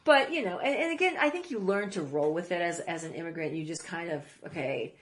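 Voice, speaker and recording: A woman guest who grew up in Iraq, telling stories in a casual interview, rambling with quick asides. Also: lowish voice, lively intonation, a little hiss or hum.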